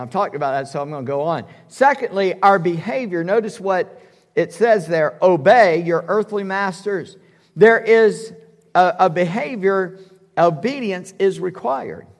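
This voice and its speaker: A man with a high voice preaches a sermon, emphatic and conversational, dropping casual asides to the congregation. His voice rings out with a long reverb through a church sanctuary. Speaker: pastor.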